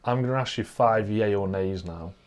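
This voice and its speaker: Man, low voice, teasing, joking, casual podcast host. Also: moderate pace, a little mellow. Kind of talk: casual chat.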